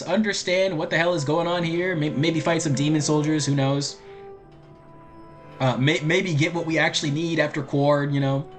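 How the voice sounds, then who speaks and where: A man's voice: fairly high pitch, moderate pace, fairly bright tone, soft background music. A man streaming a game, reading the characters' lines aloud in put-on voices and chatting between them. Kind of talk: let's play commentary with voiced dialogue.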